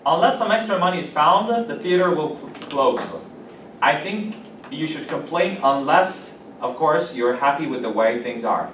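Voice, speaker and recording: A man teaching an English class, patiently drilling example sentences and stressing words slowly. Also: a little high, a bit bright, slight background noise. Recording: echoey classroom from a distant mic.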